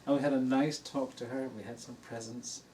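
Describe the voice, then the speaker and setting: A man's voice: mid-range voice, little pitch movement, fairly quick. Older man, teacher telling a story to a hall audience, easygoing, self-amused, recorded from a distance with a faint hiss. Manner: warm anecdotal storytelling, laughing at his own story. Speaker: dharma teacher. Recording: distant mic in a room with faint noise.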